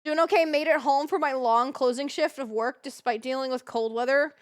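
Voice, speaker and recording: A young woman chats on a live stream, her voice pitched very high. She rambles excitably, repeats herself and swears freely. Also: fairly quick. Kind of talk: casual live-stream chat.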